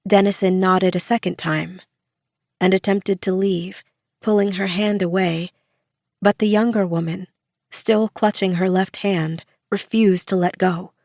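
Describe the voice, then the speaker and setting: A woman narrating an audiobook in a measured way, giving the characters soft voices. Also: mid-range voice, fairly even intonation, no echo, studio quality.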